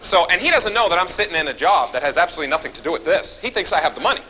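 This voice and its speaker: On the high side and very fast, this man's voice comes through a rough recording with slight background noise. He's a seminar speaker doing animated storytelling, acting out his phone calls and often addressing the crowd.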